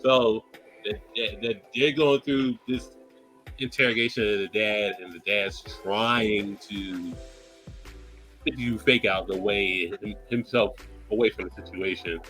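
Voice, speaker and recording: Man, bright voice, podcast co-host, casual anime review, swears a lot, faint music behind. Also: fairly low pitch, unhurried. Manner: profane, animated retelling.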